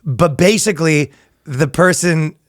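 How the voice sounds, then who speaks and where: A man co-hosting a comedy podcast in casual chat, who laughs often and slips into quick impressions. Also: on the high side, dry recording, studio quality. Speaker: podcast co-host.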